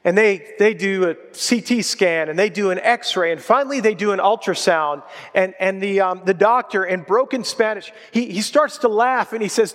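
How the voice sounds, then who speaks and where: A man preaching a sermon in a conversational storytelling way, dropping his voice low to stress key points. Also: normal speed, fairly bright tone. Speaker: pastor. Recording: long reverb of a large hall.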